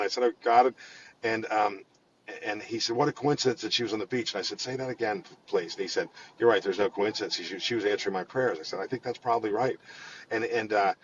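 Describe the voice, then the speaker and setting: Man, low voice, rapid animated storytelling, restarts a lot, slightly dull recording with faint noise. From Pittsburgh area. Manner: animated storyteller with many restarts and repeated words. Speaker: guest, financial firm head. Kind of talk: conversational storytelling in an interview.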